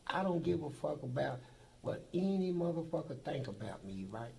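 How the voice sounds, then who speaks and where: A heavily gravelly, fairly high-pitched older man in a documentary interview. He tells his prison stories bluntly and boastfully, with plenty of cursing, and a faint noise sits behind him. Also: very animated, moderate pace, dark tone, poor audio. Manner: blunt, profane, boastful storytelling.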